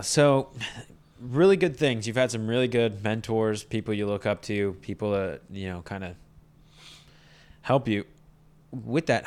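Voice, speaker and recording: A man hosting a casual interview, affirming his guest and asking long, rambling questions. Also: mid-range voice. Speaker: podcast host.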